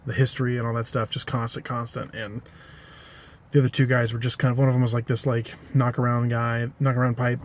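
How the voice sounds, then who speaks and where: A man's voice: medium pitch, little pitch movement, a little fast, slight background noise. A man casually telling an anecdote to the camera, rambling, correcting himself and adding dry asides. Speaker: pipe-smoking vlogger.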